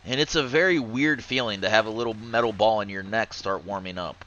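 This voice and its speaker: A man chatting casually on a livestream, rambling and swearing, with sudden loud outbursts. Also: fairly low pitch, fairly quick, lo-fi sound. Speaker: streamer.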